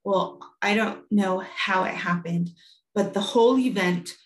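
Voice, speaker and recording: A woman's voice: medium pitch, unhurried, reverberant. Candid woman telling a parenting story. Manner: candid, conversational, with frequent "like" and restarts. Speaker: speaker giving a talk on parenting. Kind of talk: personal storytelling talk.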